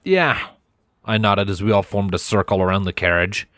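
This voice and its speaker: A man narrating a fanfiction audiobook in the first person, with a measured storytelling delivery. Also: low-pitched, little pitch movement, fairly bright tone, no room sound, studio quality.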